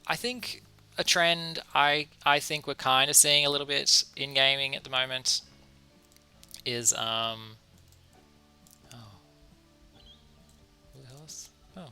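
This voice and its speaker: A man's voice: medium pitch, steady tone, slow pace, pauses often, bright, forceful tone, clean tone, soft background music. A man giving casual commentary while playing a video game, musing aloud and chuckling to himself. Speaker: let's-play gamer.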